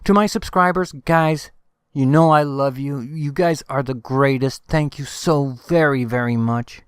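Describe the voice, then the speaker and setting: A man's voice: mid-range voice, measured pace, smooth, dry recording, studio quality. A man hosting his own channel, delivering an angry, emphatic rant and urging viewers to act. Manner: emphatic, exhorting, repeats calls to action. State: furious. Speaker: channel host. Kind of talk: angry political rant to camera.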